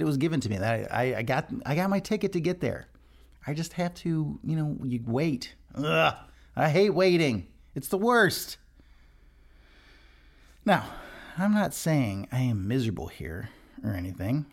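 A man's voice: medium pitch, animated, a little fast, creaky, darkish tone. A man who leads worship, hosting a devotional podcast in an earnest, conversational way, often restarting his sentences. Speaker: worship leader, podcast host.

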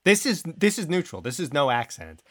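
Dude cohosting a comedy podcast, mock serious bits, voice swings around a lot. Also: male voice, fairly high pitch, sing-song, normal speed, fairly bright tone. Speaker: podcast co-host. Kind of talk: casual comedic chat.

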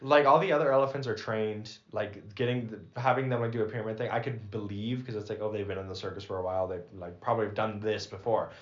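A young man co-hosting a casual podcast, rambling quickly and laughing often. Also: fairly low pitch, fairly even intonation. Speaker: podcast co-host. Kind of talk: casual chat. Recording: dull lo-fi audio.

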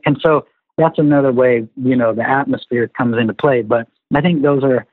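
A man being interviewed, telling family stories in a lively, animated way and acting out what was said. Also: mid-range voice, normal speed, no echo. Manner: animated storyteller, acts out family dialogue. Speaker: guest. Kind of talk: conversational interview. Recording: tinny phone-like line.

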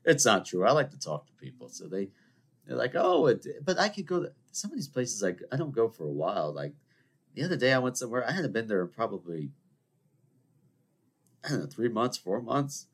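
A man hosting a podcast in a casual, rambling solo monologue, self-mocking and animated. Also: mid-range voice, fairly quick. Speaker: podcast host.

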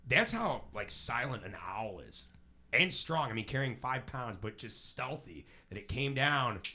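A man co-hosting a casual talk show, telling a news story with lots of laughter and a lively delivery. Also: mid-range voice, a little slow. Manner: animated storyteller, laughs often.

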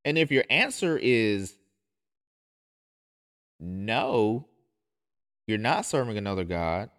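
A man's voice: fairly low pitch, big pitch swings, slow, fairly bright tone. A man who is a pastor, hosting a podcast in an impassioned monologue, insistent and emphatic, often restarting his phrases.

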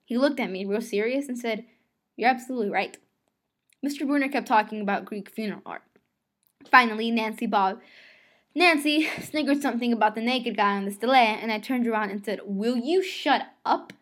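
A woman's voice: a little high, brisk, fairly bright tone. Woman reading a novel aloud. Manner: conversational first-person storytelling. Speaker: reader.

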